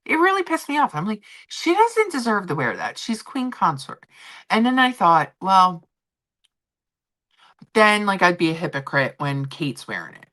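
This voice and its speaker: Chatting about royal gossip, this livestream host, a middle-aged woman, is opinionated and casual, often using fillers and restarting sentences. She speaks unhurriedly in a fairly low, sing-song, fairly bright voice.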